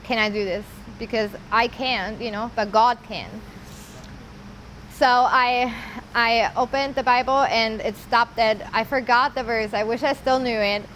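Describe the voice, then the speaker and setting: A woman telling her personal story in an earnest, halting way, often pausing with casual fillers. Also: on the high side, fairly even intonation, fairly bright tone, a little hiss or hum, poor audio. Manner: earnest, halting, with many "like" and "you know" fillers. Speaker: interviewee sharing her story. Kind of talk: personal testimony.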